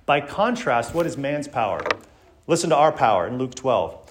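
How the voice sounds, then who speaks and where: A man's voice: mid-range voice, wildly swooping pitch, moderate pace. A man giving a church Sunday school lesson, speaking earnestly and reading scripture aloud with emphasis.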